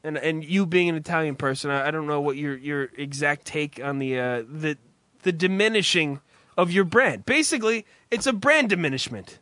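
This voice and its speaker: A man's voice: fairly high pitch, lively intonation, normal speed, sharp tone, no echo. A man telling a rambling, profane story in casual chat with a co-host, full of restarts. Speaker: podcast co-host.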